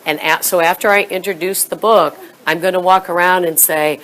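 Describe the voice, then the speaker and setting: A woman with a notably low voice leads a reading workshop for teachers. She talks them through classroom steps and acts out her prompts, sometimes slipping into a soft whisper. A faint hum of room noise sits behind her. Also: fairly even intonation, normal speed, few pauses. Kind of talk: teacher training talk.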